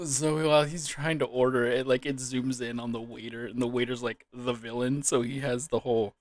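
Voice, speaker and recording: A man's voice: medium pitch, level tone, brisk. A man commentating a quiz casually, giggling helplessly and fighting back tears of laughter. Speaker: gaming YouTuber.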